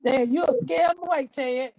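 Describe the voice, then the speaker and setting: A woman's voice: high voice, unhurried, gravelly, crowd noise, rough recording. A woman chatting casually on a livestream, exclaiming and laughing along.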